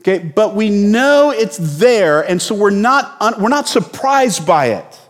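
A man's voice: high-pitched, very animated, unhurried, long reverb tail. A male pastor preaching a sermon in a conversational, storytelling way with sudden bursts of emphasis.

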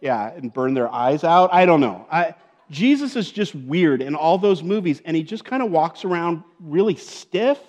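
A man's voice: a little high, expressive, moderate pace, darkish tone. A man preaching a conversational sermon as a pastor, with joking asides and frequent check-ins like "okay?" and "right?". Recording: long reverb of a large hall.

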